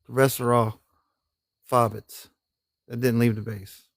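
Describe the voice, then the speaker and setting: Gravelly-voiced veteran spinning yarns. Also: male voice, medium pitch, flat delivery, measured pace, no room sound, studio quality. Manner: rambling, profane, laughs often, folksy grammar. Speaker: army veteran telling war stories. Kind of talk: casual storytelling on a live stream.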